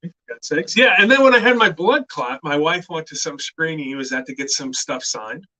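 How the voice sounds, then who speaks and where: A middle-aged man telling stories in a casual chat, animated and loud when he acts out what others said. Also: a little high, fairly quick, rough recording. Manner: animated storyteller who shouts out quoted lines. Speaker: guest actor.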